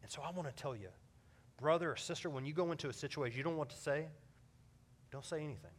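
A man's voice: on the high side, fast talker. Earnest man preaching a sermon. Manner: earnest, swings from loud urging to soft hushed delivery. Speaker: pastor.

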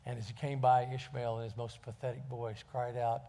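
A man's voice: mid-range voice, steady tone, normal speed, darkish tone. A man preaching a sermon and telling a story in a folksy way, with fillers.

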